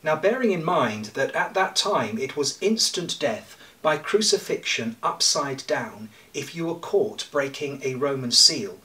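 A male priest preaching a sermon in a church, his bright voice heard from some distance. He speaks in a measured way, with pauses and light humour. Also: mid-range voice.

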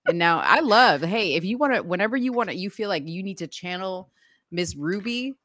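A woman's voice: medium pitch, animated, brisk, a bit bright, dry recording. A middle-aged woman co-hosting a casual online talk show, chatty and laughing often, on a video call. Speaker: podcast co-host. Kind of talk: casual chat.

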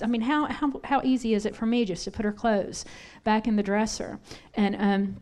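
Speaking briskly in a medium pitch with a somewhat dark tone, a middle-aged pastor's wife gives a parenting talk in a church sanctuary. She tells stories frankly, keeps the sermon conversational, and asks the congregation questions.

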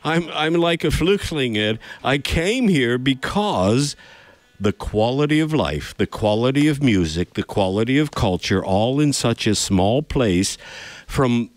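A man's voice: mid-range voice, expressive, measured pace, no room sound. A man hosting a live radio show, chatting playfully and switching between English and Swiss German. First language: American English. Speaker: radio host. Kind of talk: casual live radio chat. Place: live venue radio studio.

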